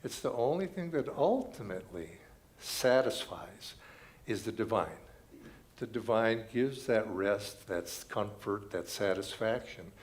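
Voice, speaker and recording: An older man giving a sermon as a guest speaker in a church, telling stories with animated emphasis. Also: lowish voice, a little slow. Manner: animated storytelling, rising and falling emphasis. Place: church sanctuary.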